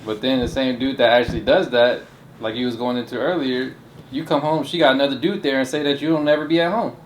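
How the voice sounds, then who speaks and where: A man co-hosting a casual chat, calmly agreeing and adding short remarks. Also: medium pitch, fast talker. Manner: calm, agreeing, short affirmations. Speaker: co-host. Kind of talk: casual chat and scripture reading. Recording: roomy sound with faint background noise.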